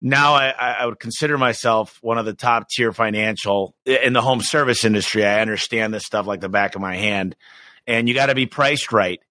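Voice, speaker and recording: A middle-aged man talking in a casual podcast interview, energetic and emphatic, often restarting his sentences. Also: lowish voice, dry recording. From United States. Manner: energetic, emphatic, quick restarts, acts out quoted voices. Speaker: business owner guest.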